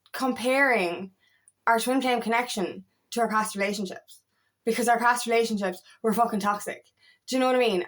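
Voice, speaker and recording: A woman's voice: a little high, a bit bright. A woman talking to camera as a spiritual coach, casual and emphatic, swearing freely and often checking in with "you know what I mean". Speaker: feminine empowerment coach.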